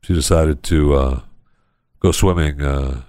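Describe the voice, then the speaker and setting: A man hosting a casual comedy podcast, telling odd news stories in a rambling, deadpan way with lots of pauses. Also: rumbling low, smooth, no room sound, clean studio sound. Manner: rambling storyteller, many uh fillers, deadpan. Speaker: podcast host.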